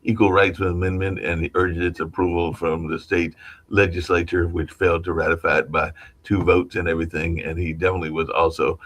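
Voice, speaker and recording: A man with a very deep voice speaks quickly in a relaxed talk-show manner. He fills out his sentences with loose add-ons like "and everything" as he chats with his co-host. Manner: informal, pads with "and everything". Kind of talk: casual political talk show chat.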